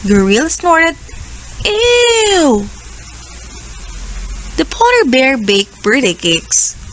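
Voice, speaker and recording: A woman with a Filipino accent, a teacher reading a children's story aloud with expressive animal voices. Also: on the high side, a little hiss or hum, low-quality recording. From Philippines.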